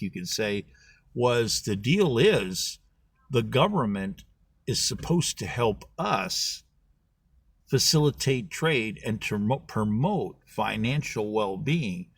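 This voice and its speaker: A man's voice: medium pitch, breathy edge, dry recording. A middle-aged man, a political candidate, giving a folksy, storytelling talk about history. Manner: folksy, acts out voices in his stories.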